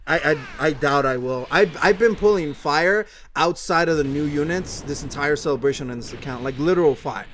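A young man hosting a mobile game channel, giving casual, excitable commentary while pulling summons, swearing often and swinging from gloomy muttering to shouting. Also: fairly high pitch, normal speed, a little hiss or hum.

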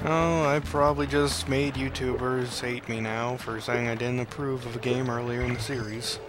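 A man's voice: mid-range voice, flat delivery, normal speed. A young man casually commentating a video game playthrough, cracking goofy jokes to his viewers. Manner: goofy, joking asides to the viewer. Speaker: let's play host. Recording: game music playing underneath.

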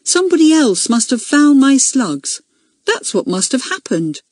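A woman voicing a young schoolgirl who answers in a clear, decisive voice. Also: high-pitched, very animated, moderate pace, darkish tone, no echo, studio quality, voice pushed up. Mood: defiant. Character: young girl, accused schoolgirl, defiant.

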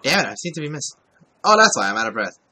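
A man's voice: mid-range voice, big pitch swings, very fast, pushed and bright, breathy edge. A man giving casual let's-play commentary, talking to himself while he plays and swearing often. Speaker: gameplay commentator.

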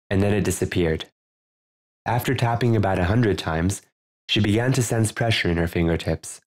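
A man with a deep, low voice narrates his own book in audiobook style. He tells his first-person story in a measured, earnest way. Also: a little mellow.

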